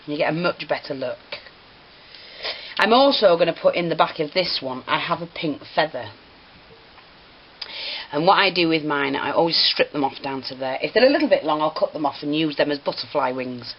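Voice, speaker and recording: A woman's voice: deep voice, expressive, normal speed. A woman teaching a craft tutorial, chatty and apologetic, prone to giggling. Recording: slightly dull home recording with faint hiss.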